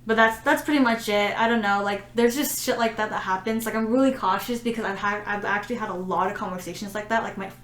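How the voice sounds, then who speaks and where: A woman's voice: medium pitch, fairly even intonation, quick pace, hardly any pauses, fairly bright tone. A woman co-hosting a podcast, telling stories in a rambling casual way packed with "like" and acted-out quotes, at home. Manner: rambling storytelling full of "like", acting out quotes. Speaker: podcast co-host. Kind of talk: casual chat. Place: room at home. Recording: roomy echo with faint noise.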